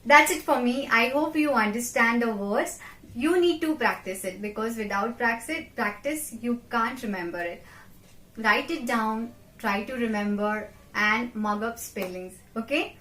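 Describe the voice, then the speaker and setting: A young woman teaching French vocabulary, slowly repeating each word several times for learners to copy. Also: a little high, bright, forceful tone, echoey room. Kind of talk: vocabulary lesson with repetition drills.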